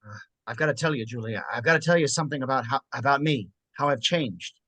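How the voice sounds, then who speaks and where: A scarred young man fighting to hold back his rage, voiced by a man. He talks fast in a bright, fairly high voice, his words strained and clipped. It is an amateur script read-through with a dry sound. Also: no echo. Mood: halting.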